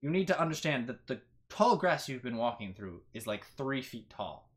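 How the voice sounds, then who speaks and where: A woman's voice: rumbling low, big pitch swings, normal speed. A woman narrating as game master in a tabletop game, rambling with many ums and likes.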